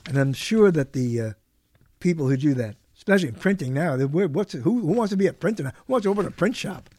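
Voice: mid-range voice, expressive, fast, darkish tone. A talk show host delivering a rambling live late-night monologue, full of chuckling asides.

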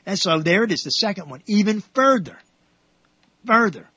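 A man's voice: sits high, moderate pace, slightly rough, no echo, highs cut off. Rambling man telling jokes on radio. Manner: rambling, restarts often, animated punchlines. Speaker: radio show host.

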